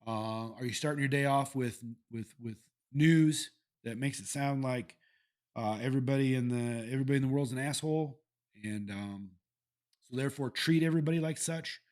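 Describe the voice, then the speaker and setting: A man's voice: mid-range voice, moderate pace. A man hosting a solo podcast, talking casually and candidly with plenty of swearing and restarts. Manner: candid, profane, rambling with restarts. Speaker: podcast host. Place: Iowa.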